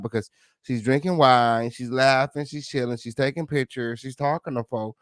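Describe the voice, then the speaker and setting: A man's voice: medium pitch, normal speed, no echo. A man hosting a gossip show, reacting to a clip with profane, mocking commentary. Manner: profane, mocking, loud laughs.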